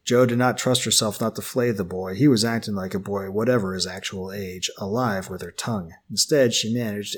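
A male audiobook narrator with a husky, slightly raspy voice. His voice sits low, and he reads in a steady, expressive manner.

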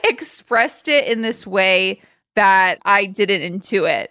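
A woman's voice: mid-range voice, expressive, slow pace, pushed and bright, clean tone, dry recording, studio quality. A woman co-hosting a podcast in casual chat, teasing her friend and then speaking earnestly. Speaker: podcast co-host.

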